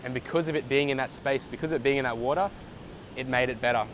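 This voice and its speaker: A man voicing a calm, wise old grandmother who speaks slowly and quietly. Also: mid-range voice, slight background noise, close to an everyday voice, poor audio. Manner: slow, quiet, measured.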